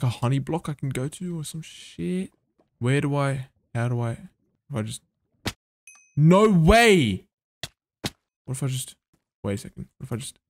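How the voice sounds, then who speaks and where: A man giving live gameplay commentary, excitable and swearing under his breath, with sudden gasps and outbursts. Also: medium pitch, no room sound. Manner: mutters to himself, swears when frustrated. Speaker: gaming video creator.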